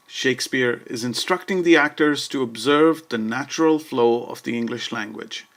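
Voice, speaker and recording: A man giving a scripted educational narration about verse, measured and steady, slowing down to recite quoted lines. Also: medium pitch. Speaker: lecturer.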